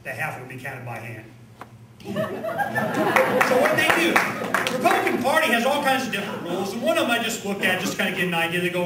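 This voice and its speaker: A man giving an animated rally speech at a conference, firing off rhetorical questions and leading chants. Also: high-pitched, fast talker, heavy background noise. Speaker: conference speaker. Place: conference hall with audience. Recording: echoey hall, distant mic, crowd.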